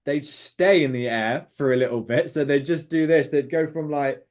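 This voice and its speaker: A man's voice: a little high, normal speed, a little mellow. A young British man talking as an interview guest, telling set stories with lots of fillers. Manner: enthusiastic, rambling, lots of fillers and quoted voices. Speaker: interview guest, former extra. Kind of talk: casual interview storytelling.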